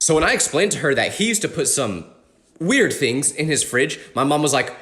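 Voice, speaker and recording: A man's voice: on the high side, moderate pace. A young man telling funny personal stories in a comedic, exaggerated way, acting out the people he quotes. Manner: animated, exaggerated outbursts and voiced quotes. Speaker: storytelling creator. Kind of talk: comedic storytelling.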